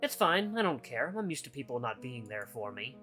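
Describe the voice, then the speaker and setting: A man's voice: big pitch swings, a little fast, pushed and bright, faint music behind. A man voicing a bitter, possessive male ex-partner in a visual novel, whining and accusing in a raised voice. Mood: whining, guilt-tripping. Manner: whiny, accusing, raised pitch.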